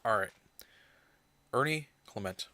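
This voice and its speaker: A man's voice: fairly low pitch, measured pace. A man hosting a livestream, reacting live to a baseball game and muttering to himself as he sorts video clips. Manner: excitable reactions, self-scolding mutters while sorting clips. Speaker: livestream host.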